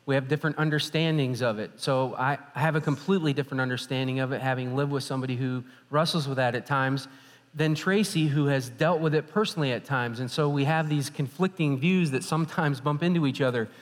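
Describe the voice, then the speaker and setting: A male pastor preaching a sermon, telling stories in a lively, animated way. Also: medium pitch, fast talker. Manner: animated storytelling. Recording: hall reverb.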